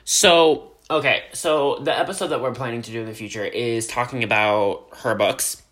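A man's voice: medium pitch, normal speed, crowd noise. A man co-hosting a casual podcast chat, telling stories with a lot of trailing off and restarting. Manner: chatty storyteller, trails off and restarts. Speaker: podcast co-host.

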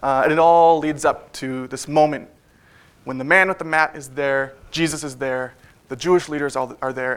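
Conversational man preaching, slightly high voice. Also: a bit bright. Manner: conversational, with frequent fillers and asides. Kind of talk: sermon. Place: church.

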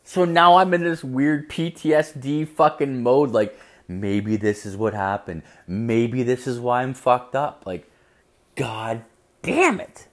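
A man's voice: medium pitch, a little slow. A young man telling a story in casual comedic style, rambling and profane, with constant use of "like".

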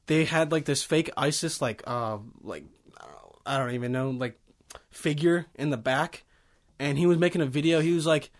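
A man's voice: fairly high pitch, normal speed, dry recording. A young man hosting a casual podcast from a small studio, rambling and swearing with lots of fillers. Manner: rambling, profane, heavy with fillers. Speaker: podcast host.

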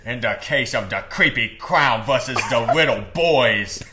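A man's voice: mid-range voice, unhurried, over loud music, close to an everyday voice. A man voicing a stern male judge in a nerdy online moderator voice, mock-pompous and declaiming. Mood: mock-solemn.

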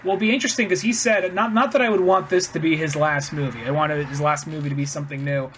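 Man with a slightly higher voice, rambling. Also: fairly even intonation, fast, fairly bright tone, a little hiss or hum. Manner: loose, rambling, trails off and restarts. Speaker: podcast co-host. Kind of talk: casual chat.

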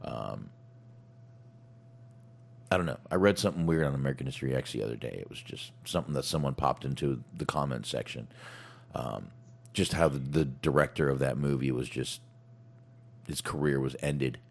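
A man hosting a casual chat, talking in a halting way with frequent restarts and fillers. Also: a bass voice, gravelly. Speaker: podcast host.

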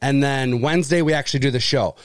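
A man's voice: medium pitch, fast talker, no room sound, studio quality. A man co-hosting a podcast, chatting casually and animatedly, swearing freely with lots of fillers. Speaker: podcast co-host. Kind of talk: casual chat.

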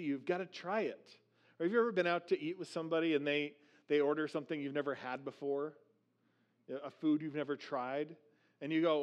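Animated male pastor preaching a sermon. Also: fairly high pitch. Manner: slows down for scripture readings, animated when acting out questions.

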